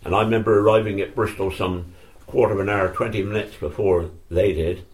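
A man's voice: on the low side, steady tone, brisk. An older man telling old stories in a rambling, self-correcting way during an interview. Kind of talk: reminiscing oral history.

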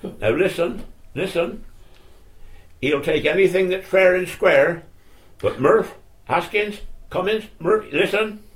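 A man's voice: sits high, slow pace, voice pushed up. A man putting on a bellowing Forest of Dean rugby forward. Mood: commanding. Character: gruff older male rugby forward, protective and commanding.

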